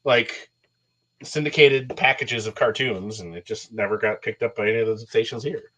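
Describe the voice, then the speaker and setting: Relaxed man telling stories. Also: fairly low pitch, normal speed, low-quality recording. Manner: relaxed storyteller, chuckles, uses fillers. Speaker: co-host. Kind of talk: casual chat.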